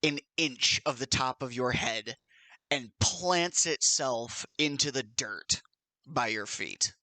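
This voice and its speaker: A man narrating a tabletop game as game master, in slow, lively storytelling with the odd shouted character line. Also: medium pitch, no room sound.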